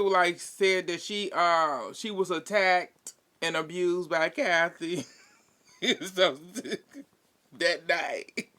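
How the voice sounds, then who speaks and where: A man's voice: high-pitched, pushed and bright, smooth. A man giving a chatty, slangy recap in casual commentary, laughing often and adding sassy asides. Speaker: reality TV recap vlogger.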